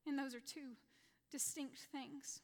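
A woman's voice: high-pitched, steady tone, measured pace, a little mellow. A woman in her thirties giving an earnest personal testimony to a women's church gathering, repeating key lines for emphasis. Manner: earnest, repetitive, acts out her own prayers. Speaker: women's ministry leader and speaker. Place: church hall, women's evening. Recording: reverberant church hall.

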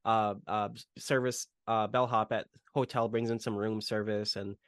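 A man's voice: lowish voice, little pitch movement, normal speed, clean tone, no room sound, clean studio sound. A man casually retelling film scenes on a podcast, rambling with lots of fillers. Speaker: podcast host. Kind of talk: casual movie podcast chat.

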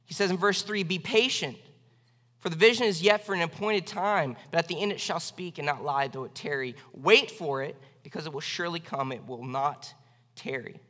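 Man, pastor, sermon, high voice, earnest, casual restarts, long church-hall reverb. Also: fairly quick, a bit bright. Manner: conversational, earnest, with frequent fillers and restarts.

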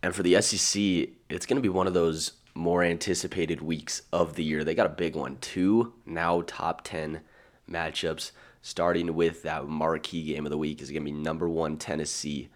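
A man co-hosting a podcast, chatting casually about college football with dry humor. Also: a bass voice. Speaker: podcast co-host. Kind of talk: casual sports chat.

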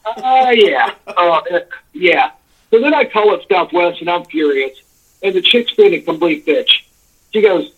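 A man's voice: sits high, animated, unhurried. A man calling in by phone, telling a long, rambling complaint story, exasperated and swearing freely. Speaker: caller. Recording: tinny phone line.

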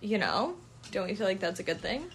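A woman in her twenties co-hosting a podcast in relaxed, casual chat with many "like"s. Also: mid-range voice, brisk. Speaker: podcast co-host.

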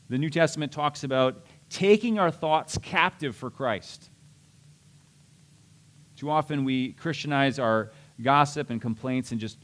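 A middle-aged man preaching a sermon as a pastor, conversational and self-deprecating, with restarts and asides. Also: mid-range voice.

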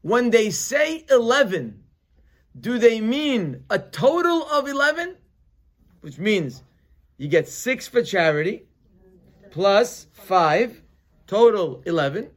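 Here a male rabbi teaches his weekly Torah lesson, slipping Hebrew words into English and swinging from booming emphasis to hushed side remarks. He has a high voice, speaks slowly, and leaves long pauses.

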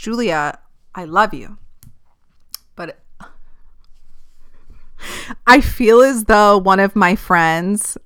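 Bright, chatty woman podcast host. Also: medium pitch, clean tone. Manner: chatty, swears a lot, laughs often, drops into a whisper. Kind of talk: casual solo podcast chat. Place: filmed at home while recording.

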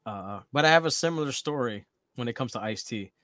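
A middle-aged man co-hosting a podcast, telling profane, animated stories in casual chat. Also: mid-range voice, brisk, dry recording, studio quality. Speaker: podcast co-host.

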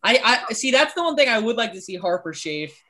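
A man's voice: high voice, very animated, fairly quick, bright, forceful tone. Sarcastic man riffing on sports. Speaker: podcast co-host. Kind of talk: casual sports chat.

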